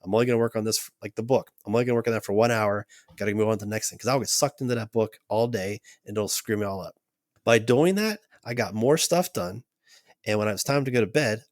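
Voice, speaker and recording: A man, a podcast guest, telling a personal story in a casual, animated way. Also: on the low side, dry recording, clean studio sound. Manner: animated, acts out quotes. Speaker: podcast guest, gear company owner.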